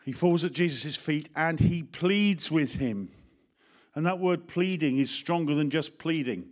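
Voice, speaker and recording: A middle-aged man with an English accent, preaching a sermon in a lively way, speaking straight to the congregation and acting out little voices. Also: on the high side, a little slow. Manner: animated, acts out voices, talks directly to the congregation.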